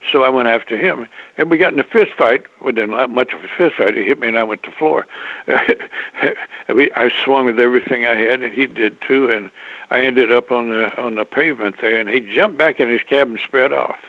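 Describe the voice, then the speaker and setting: An older man, a guest in an interview, telling a long rambling story, halting and restarting often, with a chuckle now and then. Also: mid-range voice, no room sound. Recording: dry tinny phone line.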